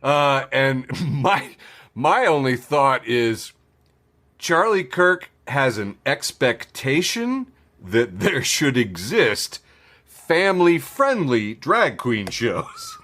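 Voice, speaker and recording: A man's voice: medium pitch, sing-song, takes it slowly, fairly bright tone. A man hosting a podcast, reading social media posts aloud with sarcastic commentary, laughing often and swearing freely. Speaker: podcast host.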